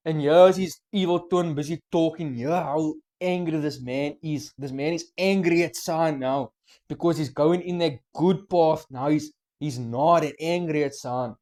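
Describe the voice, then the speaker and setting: Young male reaction host, slangy, excitable, slightly high voice. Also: a little slow. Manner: excited, explains lyrics, mixes slang and swearing. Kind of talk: casual reaction commentary.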